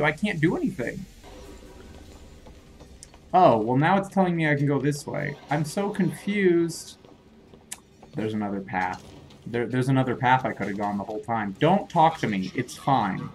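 Flustered young gamer talking to himself. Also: male voice, medium pitch, sing-song. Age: young adult. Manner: flustered, rambling self-talk, quick to laugh off his own mistakes; scolds enemies in a jokey way. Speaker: gamer playing through a shooter. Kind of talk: let's play commentary.

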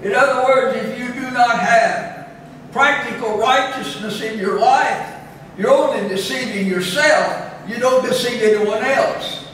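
High-voiced preacher in an echoey chapel. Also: male voice, a bit bright. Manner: slow, deliberate preaching with rising emphasis on scripture. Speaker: pastor. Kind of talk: sermon. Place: church chapel. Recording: echoey chapel from a distance, faint room noise.

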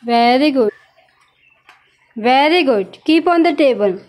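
Mother teaching a toddler, high voice, slow patient coaxing, gentle praise. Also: expressive. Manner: slow, coaxing, praising, asks prompting questions. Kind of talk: teaching a toddler animal names.

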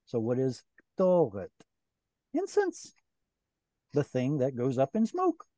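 A man's voice: mid-range voice, big pitch swings, moderate pace, dark tone, no echo. A man teaching a Bible Hebrew class online, explaining grammar patiently and step by step with questions to his students. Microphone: video call.

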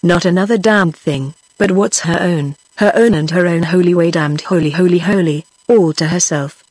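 In an audiobook, a synthetic female voice delivers a bitter, angry middle-aged working man's lines in a flat, machine-like way, with light acting. The pitch is fairly low, the pace moderate, and there is no echo.

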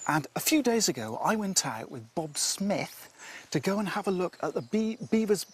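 A man presenting wildlife outdoors by a river, explaining with enthusiasm and sometimes dropping his voice to a hush. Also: high-pitched, big pitch swings, moderate pace, breathy edge. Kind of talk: outdoor nature presenting to camera.

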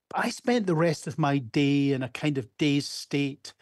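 A man's voice: on the high side, normal speed, hardly any pauses, no room sound, clean studio sound. A Scottish man in his fifties, an emergency doctor telling candid stories in a conference keynote over a video call. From Scotland. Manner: candid, anecdotal, with small restarts. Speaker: emergency medicine doctor giving a conference talk. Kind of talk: storytelling keynote talk.

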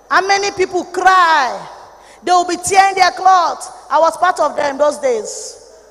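Impassioned high-voiced Nigerian woman preaching. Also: big-room sound. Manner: impassioned, swings between low warnings and shouted rebukes. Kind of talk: sermon.

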